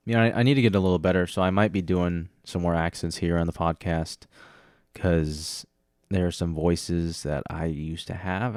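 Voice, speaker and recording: Low-voiced male podcast host, joking and rambling, dry close sound. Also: fairly even intonation, moderate pace, a little mellow, smooth, no room sound. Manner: rambling, self-mocking, joking. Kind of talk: casual podcast chat. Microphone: close studio mic with headphone monitoring.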